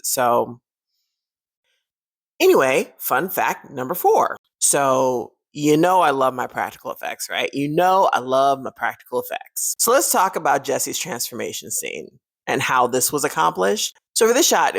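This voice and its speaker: A woman's voice: very deep voice, gravelly, no room sound. A woman hosting a horror movie fun-facts video, talking casually and animatedly and laughing often.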